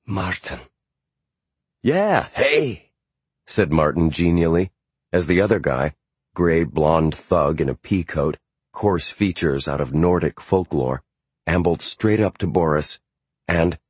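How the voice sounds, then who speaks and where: A man narrating a novel in the first person in a measured way. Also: sits low, a little mellow, husky, no room sound. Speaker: audiobook narrator. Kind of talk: scripted narration.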